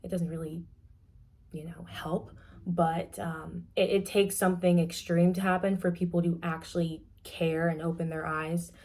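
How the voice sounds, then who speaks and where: A young woman giving a casual, candid class presentation, talking frankly with many fillers and often trailing off softly. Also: fairly low pitch, level tone, normal speed. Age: young adult. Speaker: student presenter.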